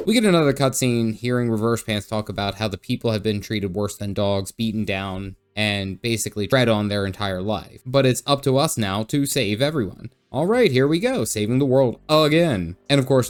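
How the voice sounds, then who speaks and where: A man's voice: lowish voice, clean tone. Jokey man recapping his game stream. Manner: jokey, goofy voices when quoting characters. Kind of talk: casual game recap narration.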